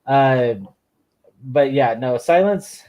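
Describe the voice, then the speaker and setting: A man's voice: medium pitch, expressive, slow, darkish tone. A man in casual podcast chat, blunt and casually profane.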